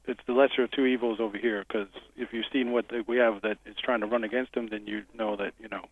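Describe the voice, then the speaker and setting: A man's voice: lowish voice, fairly even intonation, fast. A man from Delaware calling into a radio show, easygoing and a bit hedging. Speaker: caller. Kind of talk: phone call into radio show. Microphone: telephone. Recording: tinny phone line.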